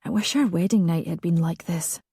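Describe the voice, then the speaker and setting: A woman voicing a headstrong young bride, proud and passionate, speaking in a breathy, softly pleading whisper. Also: fairly low pitch, a little fast, no room sound, clean studio sound. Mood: tender.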